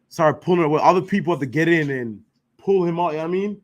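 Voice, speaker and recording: A man's voice: fairly high pitch, fast talker. A man teaching an informal scripture class, emphatic and slangy, firing rhetorical questions and checking in with his listeners. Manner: emphatic, rhetorical questions, slangy, keeps asking "you know what I'm saying".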